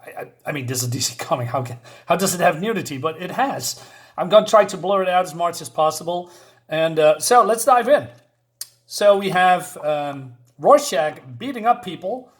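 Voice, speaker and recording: Man, fairly high voice, hesitant, fillers, casual comic review. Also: expressive, normal speed. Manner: hesitant, many fillers, chuckling asides.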